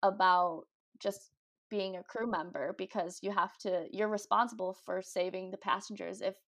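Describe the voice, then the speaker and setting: A woman's voice: medium pitch, steady tone, moderate pace, fairly bright tone. A young woman, a guest on a talk show, chatting casually and upbeat with lots of "like" and fillers. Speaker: guest, cruise ship ice skater. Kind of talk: casual interview chat.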